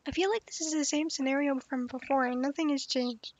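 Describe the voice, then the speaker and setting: Young woman game streamer with a high voice, blunt and animated commentary; dull, dry lo-fi recording. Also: measured pace, long pauses, dry recording. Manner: animated, blunt, swears and laughs often. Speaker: streamer playing a story game. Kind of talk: casual livestream commentary.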